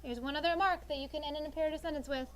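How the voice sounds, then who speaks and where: Coaxing call-and-response answers from her sixth graders, a classroom teacher in her thirties speaks with animation. Her voice sits high and she talks very fast.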